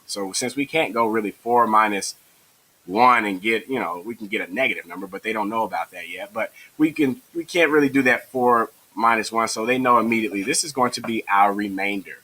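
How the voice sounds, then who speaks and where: A man's voice: lowish voice, fairly quick, pushed and bright, rough recording. A man who teaches math, explaining a division method step by step in an encouraging way. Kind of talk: tutorial lesson.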